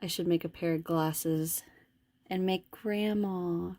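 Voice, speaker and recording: A woman's voice: fairly low pitch, fairly even intonation, slow pace, warm tone. A woman hosting her crochet channel, chatting casually through a tutorial with frequent ums and restarts.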